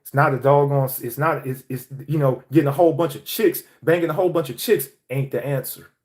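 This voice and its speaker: A man's voice: a little high, fairly quick, a little mellow. A young man from Atlanta, delivering a heated, profane motivational monologue.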